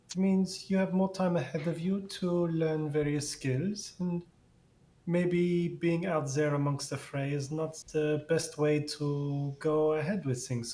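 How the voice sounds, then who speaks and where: A man's voice: fairly high pitch, warm tone. A man playing a tabletop game, speaking in character in a formal, lecturing way with hesitant fillers. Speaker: player.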